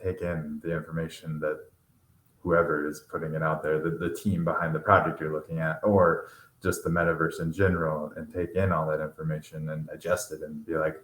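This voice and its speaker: A man hosting a casual podcast chat, rambling and laughing easily. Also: extremely low pitch. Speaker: podcast host. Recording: roomy echo.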